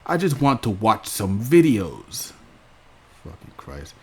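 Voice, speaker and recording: A man's voice: on the low side, big pitch swings, slow, a little mellow, breathy edge, heavily acted. A man putting on a whiny, furious young woman ranting online, in a mocking, exaggerated tantrum voice.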